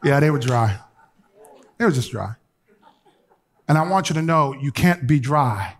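Unhurried and mid-range in pitch, a man preaches to his congregation in his role as bishop. He tells stories with colloquial asides, going from loud, animated passages to hushed, quiet encouragement.

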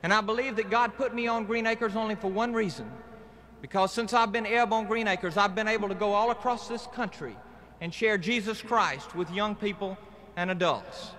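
In an old archival live recording from an outdoor stadium rally, a man with a high-pitched voice and a Southern accent speaks at normal speed, a long reverb tail trailing his words. A guest speaker, he gives an evangelistic testimony that is earnest and plain-spoken, delivered in a steady preaching cadence.

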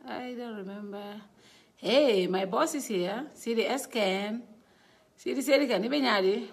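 Woman hosting a live stream: loose, chatty, quick to laugh, greets viewers by name. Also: on the high side. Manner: chatty, laughing, reads out viewer names, switches between languages. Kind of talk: casual live stream chat. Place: indoor studio.

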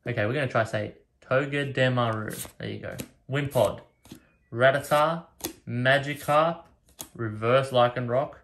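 A man casually opens card packs, reading each card's name aloud one by one and getting excited over the rare pulls. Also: mid-range voice, unhurried. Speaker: card collector opening packs. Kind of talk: casual pack-opening commentary. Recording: card and wrapper rustling behind voice.

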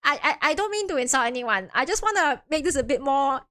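A young woman chatting through a game stream, giggling and apologizing as she goes. Her voice sits high and bright, with wide lively swings in pitch. She often loses her thread and repeats herself. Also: a little fast.

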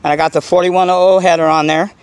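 A man's voice: high-pitched, level tone, fast, smooth, rough recording. Rambling man in a casual RC vlog. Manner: rambling, repeats himself, fillers like you know. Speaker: RC car vlogger.

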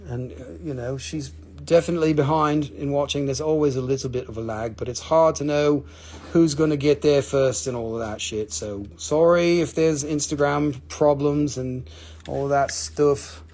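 A man's voice: fairly high pitch, normal speed, darkish tone. A man hosting a live stream to sell crystals, talking casually, swearing freely and counting down each sale.

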